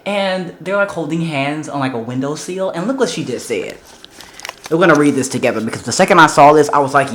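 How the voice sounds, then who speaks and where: A man vlogging casually about a book he is rereading, gushing and excitable, full of "like" and "y'all". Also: fairly high pitch, moderate pace, slight background noise. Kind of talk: casual reading vlog. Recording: roomy echo.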